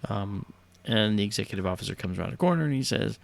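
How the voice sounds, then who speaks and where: A man's voice: fairly low pitch, animated, fast, creaky. A man hosting a livestream, telling a story casually in a hesitant way full of fillers and restarts. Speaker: livestream host.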